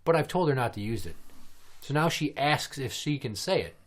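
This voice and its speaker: A man's voice: medium pitch, expressive, moderate pace. Man telling stories about his kids. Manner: storytelling, mimics his kids' voices. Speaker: podcast host. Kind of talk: casual chat.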